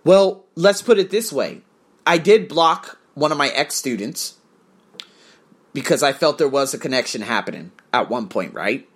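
Man, confessional vlog, profane and blunt, husky voice, pitch swinging a lot. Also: animated, moderate pace. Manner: blunt, profane, emotional storytelling. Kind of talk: personal confessional monologue.

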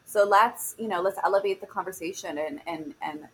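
A woman's voice: medium pitch, a little fast, a little hiss or hum, poor audio. A woman fitness instructor, a guest on a podcast, talking in an earnest, motivational way and searching for her words. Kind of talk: casual podcast conversation.

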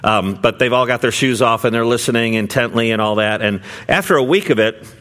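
A middle-aged man, a pastor, preaching a sermon in a relaxed conversational way, with many fillers and restarts as he tells a story. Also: mid-range voice, a little fast.

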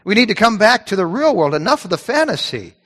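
Man, pastor, sermon, slightly high voice, conversational, repeats words, long church reverb. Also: sing-song, fairly bright tone. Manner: conversational preaching, repeats words, reads scripture slowly.

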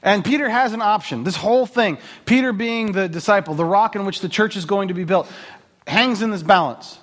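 A man's voice: high voice, brisk. A man preaching a conversational sermon as a pastor, telling stories with jokes and laughs and a lot of filler words. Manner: animated, joking storyteller with laughs and filler words.

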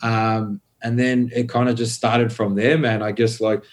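A man's voice: mid-range voice, little pitch movement, measured pace. A young man, a podcast guest, telling his story in a loose, filler-heavy way and swearing freely. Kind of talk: casual conversational storytelling.

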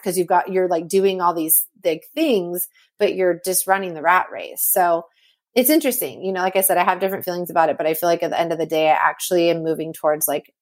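A woman in her thirties from California talks casually as a podcast guest. Her voice sits on the low side. She keeps dropping in "like" and acts out her own past remarks in a raised voice. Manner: chatty, heavy use of "like", acts out quotes in a raised voice. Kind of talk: casual conversational interview.

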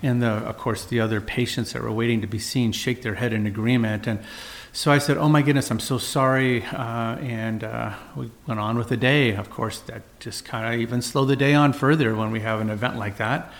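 Middle-aged male host, mid-range voice, earnest and measured as he tells a story. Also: mid-range voice, fairly even intonation. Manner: earnest, measured, with frequent uhs and restarts. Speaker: physician and podcast host. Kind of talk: personal storytelling monologue.

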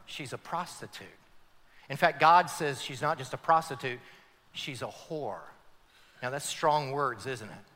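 A man, a pastor, preaching a sermon emphatically, swinging between loud climaxes and hushed passages. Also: mid-range voice, measured pace, long reverb tail.

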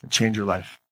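A man's voice: sharp tone, no echo. A man giving a motivational talk on stage, emphatic, repeating key phrases and asking the audience questions. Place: stage before a live audience.

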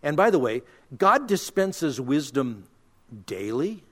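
A middle-aged man delivers radio Bible teaching as a pastor. He speaks earnestly and leans hard on key words, often restarting a phrase. His voice sits a little high for a man. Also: sing-song, slow, fairly bright tone.

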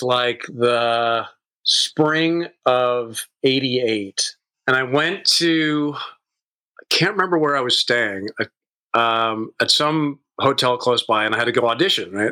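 A man in his fifties, a guest who runs bars, telling stories in a lively, casual way, swearing freely and acting out what people said. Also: medium pitch, rough recording. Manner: animated, swears freely, acts out quotes. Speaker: guest, bar owner. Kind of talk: casual storytelling chat.

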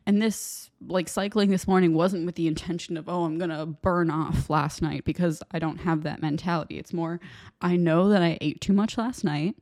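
A young woman hosts a casual solo podcast, talking in a candid, rambling way that is often self-deprecating. Her voice sits low and mellow. It is recorded dry and close, with no room sound. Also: fairly even intonation, normal speed, no echo. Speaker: podcast host.

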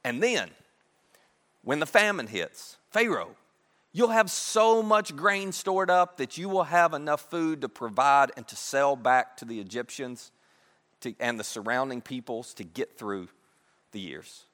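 A man voicing a young freed prisoner who confidently pitches a plan in a casual, chatty way. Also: animated, a little slow, fairly bright tone. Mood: eager. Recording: echoey hall.

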